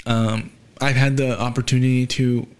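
A young man hosting a podcast, talking casually and quietly, with many fillers and pauses, subdued by grief. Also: mid-range voice, level tone, clean tone. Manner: soft, halting, with frequent fillers and trailing off. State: grieving, subdued. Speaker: podcast host. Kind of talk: casual solo podcast talk.

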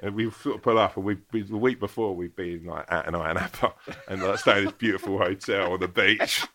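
A man with a low voice and a bright, forceful tone tells a rambling anecdote in casual chat. He swears freely and acts out the scenes as he goes. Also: fairly quick, a little hiss or hum. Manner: animated storyteller, swears a lot. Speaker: guest, actor and comedian.

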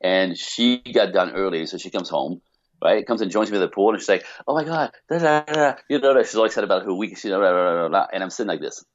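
A man speaking as a podcast guest, telling a personal story in an animated way, with many restarts and rhetorical questions. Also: low-pitched, fast, no echo, lo-fi sound.

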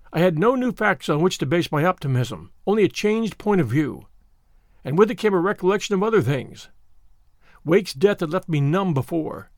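A man narrating a novel in the first person, measured and earnest. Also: a little high, no room sound, clean studio sound. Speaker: audiobook narrator. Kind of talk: scripted narration.

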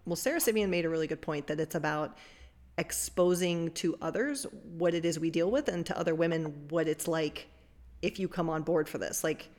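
A woman sports journalist in casual panel chat, emphatic and quick with quips. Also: sits low, darkish tone.

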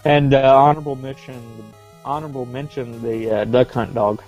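A man co-hosting a podcast, chatting in an unhurried, dry manner. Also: medium pitch, little pitch movement, darkish tone, faint music behind. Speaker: podcast co-host. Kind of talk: casual chat.

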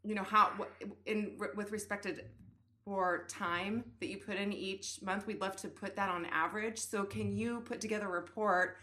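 Chatty woman with a bright voice. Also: medium pitch. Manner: chatty and animated, quick to laugh. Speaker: podcast guest. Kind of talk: casual podcast chat.

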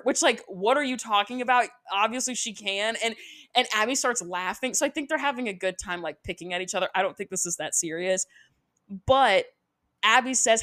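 A young woman hosts a podcast, recapping an episode in a loose, chatty way. She drops sarcastic asides and fills her sentences with "like". Her voice sits at an ordinary middle pitch. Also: normal speed, fairly bright tone. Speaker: podcast host.

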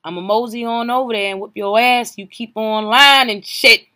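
A woman's voice: fairly high pitch, fairly even intonation, normal speed, bright, forceful tone. A woman voicing a blunt, fed-up mother who threatens and curses. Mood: defiant. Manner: brash, profane.

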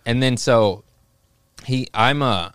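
A man's voice: medium pitch, slow, very noisy. A young man telling a rambling, profane story in casual podcast chat, acting out the voices of people in it. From Los Angeles area. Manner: rambling, profane, acts out voices in his stories. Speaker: stand-up comic guest.

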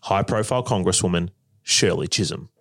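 A man narrating a documentary in a measured, dramatic, scripted style. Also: deep voice.

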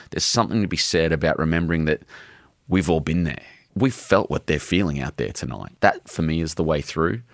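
A man's voice: very deep voice, no echo, studio quality. A man, middle-aged, an author talking in an interview, earnest and heartfelt, swearing casually. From Australia. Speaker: author guest. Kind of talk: emotional interview talk.

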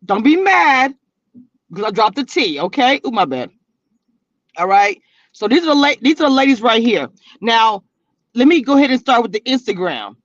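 Sassy high-voiced woman blogger, laughing often. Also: very animated, moderate pace, pauses often, dry recording. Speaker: reality TV blogger hosting a live stream. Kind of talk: casual live-stream chat reading comments. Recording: dull, lo-fi and dry.

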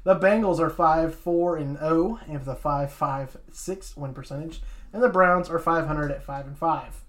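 Man rattling off football standings. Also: on the high side. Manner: reads standings in a steady list, adds quick asides. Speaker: sports podcast co-host. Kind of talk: casual sports talk.

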